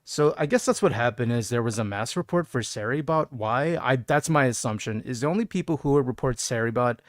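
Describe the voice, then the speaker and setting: A man's voice: medium pitch, a little fast, no echo, studio quality. A young man from Texas in casual, rambling live-stream chat, reading out viewer messages as he plays. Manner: rambling, chatty, reads chat aloud. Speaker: game streamer.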